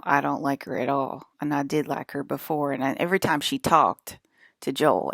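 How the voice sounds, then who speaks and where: A woman's voice: low voice, gravelly, no room sound, clean studio sound. A woman in a casual, rambling monologue, swearing freely and filling her speech with "like" and "um.". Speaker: vlogger.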